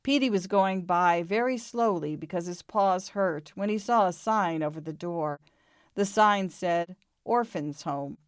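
A woman reading a children's storybook aloud in a calm, expressive way. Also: fairly low pitch, measured pace, smooth, no echo, studio quality.

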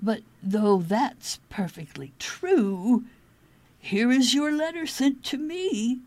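A woman's voice: on the high side, lively intonation, takes it slowly, darkish tone, voice pushed up. A woman voicing a bossy, insistent kangaroo lady.

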